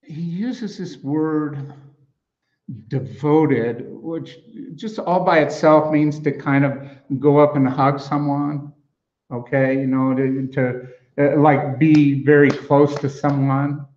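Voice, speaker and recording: A man's voice: on the high side, steady tone, takes it slowly, darkish tone, highs cut off. A man preaching an expository sermon in a conversational way, with frequent fillers and restarts as he explains grammar. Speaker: pastor.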